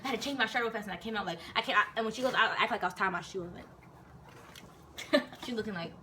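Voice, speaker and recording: A young woman and soldier telling stories in a casual, animated, profane and rambling chat, recorded indoors. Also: medium pitch, quick pace, long pauses. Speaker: vlogger and soldier. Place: indoors in Korea. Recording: distant mic with faint noise.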